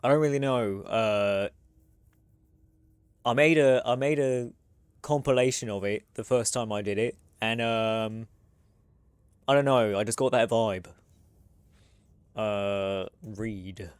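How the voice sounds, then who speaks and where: A man's voice: fairly low pitch, takes it slowly, pauses often, clean tone, dry recording. A man from the United States streaming a game with casual, rambling commentary and frequent swearing. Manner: chatty, rambling, swears freely.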